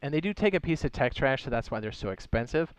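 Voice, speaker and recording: Speaking fast and animatedly, a man streams a game live and casually explains the mechanics step by step. He reads chat questions aloud, answers them with playful asides, and throws in goofy sound effects. His medium-pitched voice is clean and echo-free.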